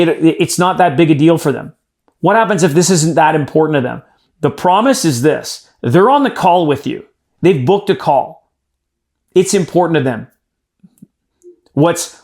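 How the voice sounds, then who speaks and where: Emphatic male sales coach. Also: fairly high pitch. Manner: emphatic, coaching, addresses group directly. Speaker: sales trainer. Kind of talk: live training session.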